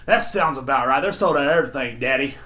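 A man's voice: mid-range voice, animated, quick pace. A man voicing a rude, demanding woman customer in a shop. He makes her brash and bossy. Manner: brash, bossy and sharp-tongued.

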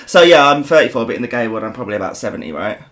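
A man's voice: mid-range voice, lively intonation, racing, a bit bright. A man, co-hosting a podcast in casual, sweary, rambling chat. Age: 30s. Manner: sweary, rambling and self-mocking. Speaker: podcast co-host.

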